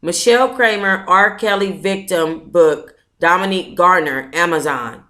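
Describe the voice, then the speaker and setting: A woman hosting an online book club, chatting casually and breaking into dramatic, excitable outbursts while talking to herself. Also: fairly low pitch, measured pace. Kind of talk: casual livestream chat.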